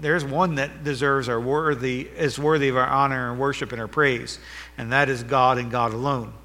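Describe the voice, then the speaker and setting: Earnest pastor, bright voice in a reverberant hall. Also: male voice, medium pitch, fairly even intonation, normal speed. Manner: earnest, reads scripture with rising emphasis. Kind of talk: sermon with scripture reading and prayer. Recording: long reverb of a church hall.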